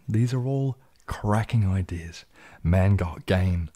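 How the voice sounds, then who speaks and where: A man hosting a relaxed, jokey live stream, reading out and answering viewer comments, a little tipsy from champagne and sometimes dropping into a whisper. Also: sits low, slow, few pauses. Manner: laid-back and jokey, drifting into soft whispers. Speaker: ASMR channel host.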